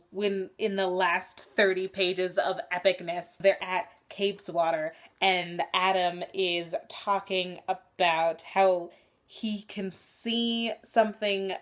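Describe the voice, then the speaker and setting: A young woman vlogger in casual chat about a book she is rereading, candid and swearing often. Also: medium pitch.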